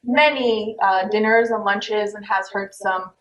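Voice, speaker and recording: A woman's voice: medium pitch, steady tone, a little slow, fairly bright tone, echoey room, slight background noise, rough recording. A woman hosting a casual chat show from a home dining table, playful and sarcastic, laughing often. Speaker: host.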